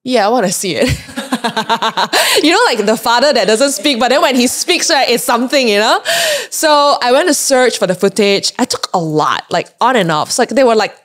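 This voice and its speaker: A woman's voice: fairly high pitch, normal speed. A young adult woman hosting a podcast, casually and animatedly telling a travel story with frequent laughs and fillers. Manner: chatty and animated, many "like"s and laughs. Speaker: podcast host.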